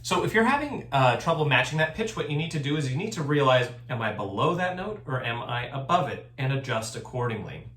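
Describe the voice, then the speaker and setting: A man's voice: medium pitch, lively intonation, brisk, few pauses, a bit bright, roomy sound. A man teaching a recorded choir lesson, explaining things patiently and step by step. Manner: patient, step-by-step instruction with sung examples.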